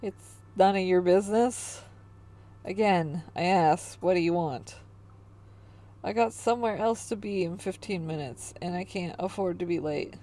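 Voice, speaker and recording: A woman doing a gruff, rude male tenant. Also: fairly low pitch, unhurried, dark tone. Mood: curt. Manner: curt and dismissive.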